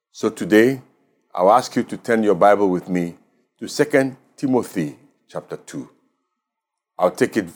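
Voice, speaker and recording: A male pastor with a Ghanaian English accent delivers a radio sermon in a lowish voice. He speaks in measured, emphatic phrases and lifts his pitch on the words he wants to land. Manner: measured, emphatic preaching with rising stresses.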